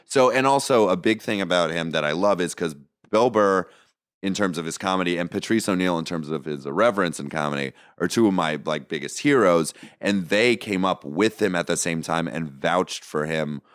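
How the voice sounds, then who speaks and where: A man's voice: deep voice, moderate pace, dry recording, studio quality. A man in a casual chat, talking loosely and enthusiastically with lots of filler words.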